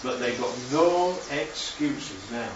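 A man's voice: mid-range voice, expressive, slow pace, slight background noise. A man leading an informal Bible class with slides, who keeps checking in with his listeners. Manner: chatty, checks in with listeners often. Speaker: Bible study teacher. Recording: roomy, distant, muffled hall recording.

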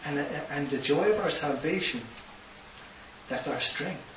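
A man's voice: fairly high pitch, a little slow, fairly bright tone. A man with an Irish accent preaching a sermon, telling stories and building to impassioned emphasis. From Ireland. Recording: roomy distant hissy lo-fi recording.

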